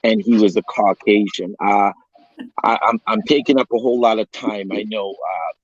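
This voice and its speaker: Earnest pastor in his fifties, halting. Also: lowish voice, steady tone, husky, no room sound, highs cut off. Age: 50s. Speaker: pastor and coach. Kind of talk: casual video call chat.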